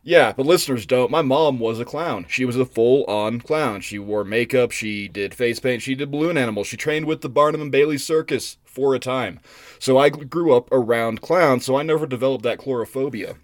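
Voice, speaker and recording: A man co-hosting a podcast, chatting casually and telling stories in an animated, swearing way. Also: mid-range voice, moderate pace, dry recording. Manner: animated, profane storytelling with restarts. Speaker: podcast co-host. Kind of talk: casual chat.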